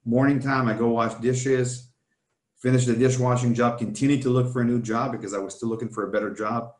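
A man tells his life story in an earnest, storytelling way. His voice sits at an ordinary middle pitch. The room around him is roomy and echoey. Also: little pitch movement, fairly quick, a little mellow. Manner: earnest storytelling, often addressing the host by name. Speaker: guest. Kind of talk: telling a personal testimony.

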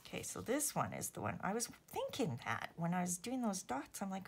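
A woman's voice: mid-range voice, wildly swooping pitch, a little fast, creaky, few pauses, slightly rough. A woman from Canada, chatting casually and self-deprecatingly to viewers while making cards, sometimes murmuring to herself. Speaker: host. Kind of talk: casual crafting vlog chat.

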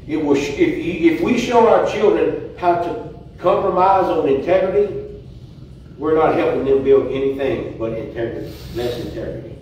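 A man giving an earnest devotional talk to a church congregation, halting now and then to restart his sentences. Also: a little high, darkish tone, a little hiss or hum. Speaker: church speaker. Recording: echoey church room, mic far off.

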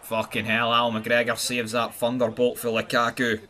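A man with a Scottish accent giving live, foul-mouthed gameplay commentary, swinging between excited yelling and glum muttering. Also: medium pitch, normal speed. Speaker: gaming channel host.

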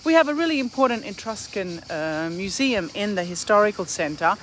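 An Australian woman, a tour operator, leads a live walking tour through a hill town square while holding her phone, chatting and greeting viewers by name. Her medium-pitched voice is animated and moderately paced, with slight background noise.

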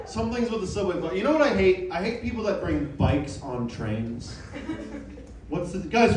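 A man's voice: sits high, lively intonation. A young man performing a stand-up set in a small club, self-mocking and bantering with the crowd. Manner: playful, self-mocking, quick asides to the crowd. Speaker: stand-up comedian. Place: small comedy club with a live audience. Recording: roomy club sound, mic heard from a distance, audience noise.

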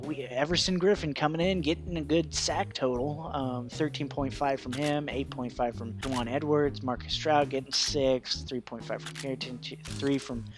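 A man's voice: medium pitch, steady tone, normal speed, hardly any pauses, over music. A man giving casual, profane commentary over a football video game, ranting and laughing as he goes. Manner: ranting, swearing, laughing, mock voices. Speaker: gaming YouTuber.

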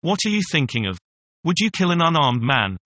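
A man's voice: fairly high pitch, very animated, brisk, bright, forceful tone, no room sound. A man reading as a firm young frontier captain. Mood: commanding. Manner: firm, commanding. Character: tall young frontier captain, commanding and protective.

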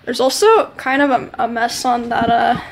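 A woman vlogging her day at home in casual chat, cooing at and scolding puppies in a playful, excitable way. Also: a little high, moderate pace, poor audio.

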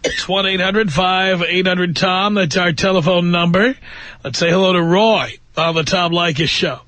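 Man, fifties, radio host, opinionated, sarcastic, high voice, dry close mic. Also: normal speed, pushed and bright, dry recording. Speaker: radio talk show host. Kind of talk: call-in radio talk. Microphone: studio microphone.

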